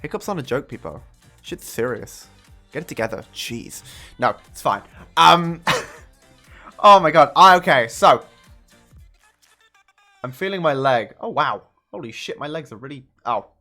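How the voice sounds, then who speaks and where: A man's voice: measured pace, pauses often. A young man in his twenties, chatting casually with viewers on a live stream in a room at home. He talks into a desk microphone and swears a lot. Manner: chatty and profane, with sudden high excited jumps. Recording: faint music under the voice. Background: faint music.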